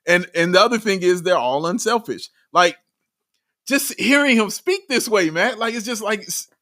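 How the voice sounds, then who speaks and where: A man co-hosting a sports podcast in casual chat, excitable and emphatic, often laughing. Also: high voice, normal speed, no echo, clean studio sound. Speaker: podcast co-host.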